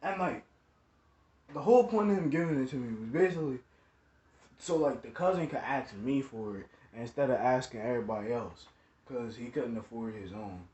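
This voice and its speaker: This casual storytime features a young man whose rambling, slang-heavy tale is full of "like" and "you know what I'm saying." His mellow, mid-range voice moves at a moderate pace, and the recording has an echoey room, dull lo-fi sound, and faint noise.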